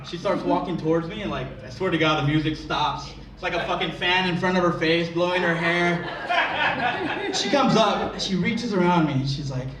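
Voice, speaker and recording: A man's voice: a little high, normal speed, heavy background noise. A young man performing a crude, self-deprecating stand-up routine, full of swearing, to a live audience. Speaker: stand-up comedian. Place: live comedy venue with audience. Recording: echoey room, distant mic, crowd laughter.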